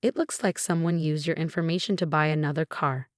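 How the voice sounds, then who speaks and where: A woman voicing a grim man who works at a car dealership, speaking quietly. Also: low-pitched, steady tone, brisk, no room sound, studio quality, lightly acted.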